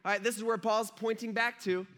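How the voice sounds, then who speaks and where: A man's voice: sits high, brisk. A man preaching a casual, conversational sermon, often asking his listeners questions. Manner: conversational, animated, asks the crowd questions. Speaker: pastor.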